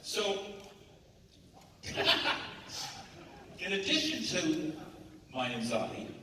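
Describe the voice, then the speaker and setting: A man on a convention panel, telling playful, animated stories to a live audience. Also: on the high side, extremely slow. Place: large convention hall. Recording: echoey hall, mic heard from far off. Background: audience noise.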